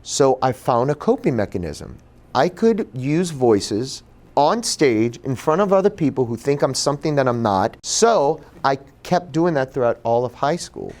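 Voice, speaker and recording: A man giving a personal storytelling talk at a bookstore event, animated and acting out the voices he quotes. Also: mid-range voice, measured pace. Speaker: author and speaker.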